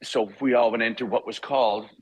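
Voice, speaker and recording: An older man from Canada, a voice actor guest, telling animated anecdotes in a casual interview, acting out voices and laughing often. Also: medium pitch, a little fast, breathy edge, no echo, highs cut off.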